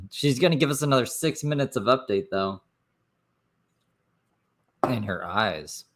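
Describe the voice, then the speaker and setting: A man's voice: mid-range voice, expressive, slow pace. A man hosting a stream, commenting on a clip in a sarcastic, blunt way and swearing. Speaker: stream host reacting to a clip. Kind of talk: reaction commentary.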